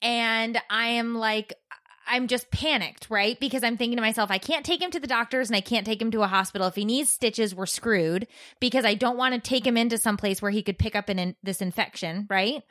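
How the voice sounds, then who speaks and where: A woman in her forties chatting casually as a co-host, animated and acting out the voices in her stories. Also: on the high side, brisk, no echo, studio quality. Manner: animated storyteller, acts out voices. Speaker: podcast co-host. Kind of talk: casual chat.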